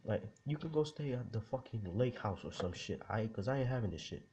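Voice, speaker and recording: A man's voice: fairly low pitch, moderate pace, a little mellow, dull audio, slight background noise, close to an everyday voice. A man voicing a bratty, rich young boy, swearing and indignant, in a casually told story. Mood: furious.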